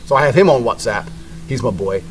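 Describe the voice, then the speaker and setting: A man's voice: medium pitch, expressive, brisk, over music. A man telling a story in a blunt, casual way, with heavy swearing.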